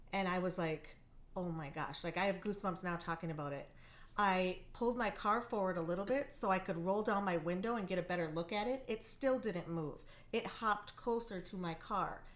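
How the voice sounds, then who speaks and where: A woman from Wisconsin, co-hosting a talk show, sharing a personal story in an earnest, animated way. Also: fairly low pitch, moderate pace. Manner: earnest, animated, many ums. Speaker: co-host. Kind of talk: casual storytelling.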